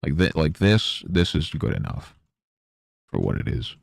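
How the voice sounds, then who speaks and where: A man's voice: very animated, unhurried, vocal fry, no echo. A young man streaming while painting, talking in a rambling, sarcastic way into a close mic. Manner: rambling, sarcastic, mocks imagined interviewers in high voices. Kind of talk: casual chat while painting.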